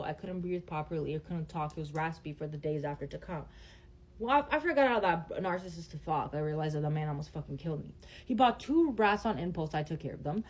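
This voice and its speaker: A woman's voice: fairly low pitch, a little mellow. A young woman telling a personal story in a vlog, blunt and emotional, swearing heavily. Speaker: vlogger.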